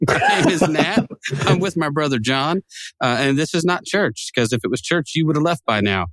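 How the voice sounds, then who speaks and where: A man's voice: on the high side, lively intonation, normal speed, fairly bright tone, no room sound. Joking, rambling podcast co-host man. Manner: joking, rambling, laughs often. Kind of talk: casual chat.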